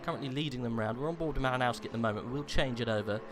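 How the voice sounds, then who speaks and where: A man in a mid-range voice races through live commentary on an online sim race, with music playing behind him. Chatty and playful, he calls positions, rambles with fillers, and trades jokes with his co-host.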